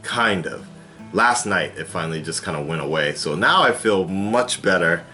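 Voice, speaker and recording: A man's voice: deep voice, lively intonation, normal speed, pushed and bright, soft background music. A man hosting his own vlog in casual chat, projecting his voice toward a camera mic some distance away and rambling with lots of fillers and restarts. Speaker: YouTube reaction host.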